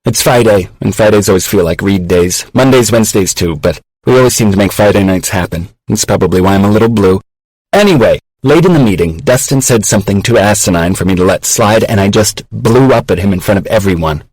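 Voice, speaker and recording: A candid, wry woman professor in her thirties pours out confessional, self-mocking messages, voiced by a man. The voice sits low and dry, with no room around it. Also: brisk, darkish tone, no echo, natural voice, poor audio. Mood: wry, confiding.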